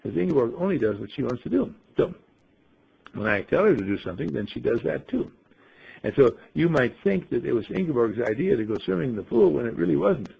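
A man leading a group in a folksy storytelling talk, asking rhetorical questions and often clearing his throat. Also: medium pitch, big pitch swings, a little fast, highs cut off. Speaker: group leader telling a story.

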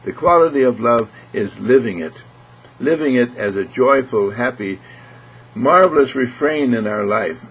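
A man giving an earnest inspirational spiritual talk, repeating phrases and often clearing his throat. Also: medium pitch, expressive, a little slow, a bit bright, poor audio. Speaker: spiritual speaker.

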